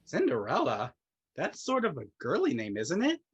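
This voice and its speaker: A young woman plays a proudly geeky young prince in a stage comedy. His voice is low and husky, and it swings widely as he rattles on eagerly. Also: huge pitch swings, moderate pace, dull audio, heavily acted. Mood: nerdy. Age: young adult. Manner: eager, nerdy.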